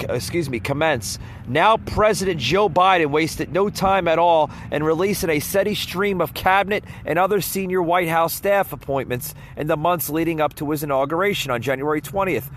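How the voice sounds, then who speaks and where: A man's voice: on the high side, moderate pace, few pauses, fairly bright tone. A man hosting his own podcast, giving casual political commentary with a rambling, stumbling delivery, stopping to laugh and to scoff. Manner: scoffing, opinionated. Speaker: podcast host. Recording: faint traffic noise behind. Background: faint car noise passing by.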